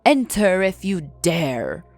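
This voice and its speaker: A woman voicing a brash, theatrical teenage girl who loves Halloween, shouting and teasing her friends. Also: medium pitch, sing-song, moderate pace, no echo, faint music behind.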